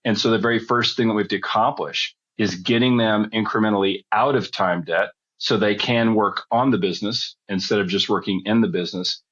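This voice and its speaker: Low-voiced middle-aged man telling a long story. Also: steady tone, a little fast, few pauses, fairly bright tone, slightly rough, muffled recording. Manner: rambling, chatty storyteller who backtracks. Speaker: guest. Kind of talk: storytelling in a podcast interview.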